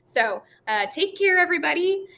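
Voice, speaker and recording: Speaking slowly and clearly, a woman music teacher leads children through an online lesson, chanting rhythms for them to echo back. Her voice is very high, bright and pushed, with big swings in pitch.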